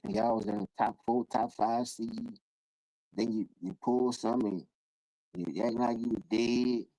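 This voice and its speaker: A man hosting a live call-in stream, ranting in casual, profane street talk and jumping into high-pitched voices when he quotes people. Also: a little slow, gravelly, dry recording, rough recording. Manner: animated, profane, acts out quoted voices in sudden high bursts. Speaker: livestream host.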